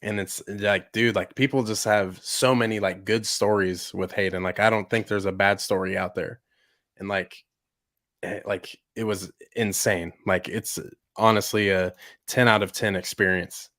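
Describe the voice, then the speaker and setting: A young man hosting a podcast, chatting excitedly with lots of "like" and "bro". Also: fairly low pitch, normal speed, dry recording, studio quality. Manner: excitable, heavy use of "like" and "bro". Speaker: podcast host. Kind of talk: casual chat.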